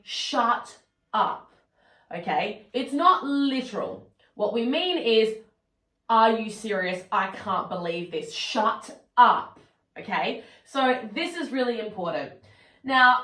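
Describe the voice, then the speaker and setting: A woman teaching an English lesson, speaking slowly and deliberately and acting out lively example reactions. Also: high voice, echoey room, low-quality recording. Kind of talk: scripted online lesson.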